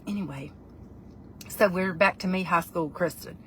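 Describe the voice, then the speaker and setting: A woman's voice: fairly low pitch, moderate pace, slight background noise. A middle-aged woman, chatting in a playful, rambling vlog while reviewing food. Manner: playful, rambling, breaks into put-on voices.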